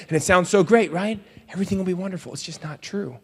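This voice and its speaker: A man with a high, bright voice speaks at a quick clip in a motivational keynote to young people. He jokes and acts out little scenes as he goes. His words ring with a long reverb from a large convention hall. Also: breathy edge. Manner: joking, animated storyteller who acts out scenes. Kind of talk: comedic keynote speech to students.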